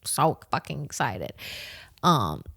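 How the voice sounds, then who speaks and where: A young woman in her twenties from the southern United States, telling a story in a casual, animated, profane way, full of slang and "like". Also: extremely low pitch, slow, gravelly, slightly rough, no echo, studio quality. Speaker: podcast host.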